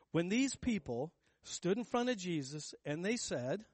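Emphatic pastor with a lightish voice. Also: male voice, a little high, big pitch swings, measured pace, a little mellow, dry recording. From United States. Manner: conversational, emphatic preaching with rhetorical questions to the congregation. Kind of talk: sermon.

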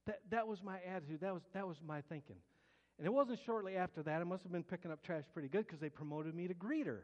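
A man's voice: sits high, fast talker. A man preaching his personal testimony in earnest, colloquial storytelling, often restarting his words. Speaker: pastor. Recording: long hall reverb.

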